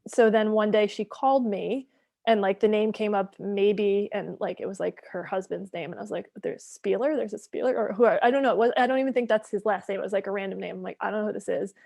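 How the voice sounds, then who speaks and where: A woman in her thirties, a guest author telling a story in a casual podcast chat, animated and full of "like". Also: mid-range voice, quick pace, vocal fry, dry recording. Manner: animated storytelling, says "like" a lot.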